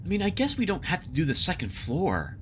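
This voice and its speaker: A man's voice: high voice, huge pitch swings, a little fast, bright, forceful tone, slight background noise. A man narrating his solo board game playthrough in casual commentary, thinking aloud, muttering asides and reading card text aloud. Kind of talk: casual let's-play commentary. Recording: background music under the voice.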